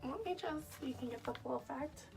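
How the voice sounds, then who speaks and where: A woman's voice: sits high, a little fast, creaky, a little mellow, far from the mic. A young woman vlogger reading her old diary aloud in a casual, self-mocking, wry way, laughing at herself.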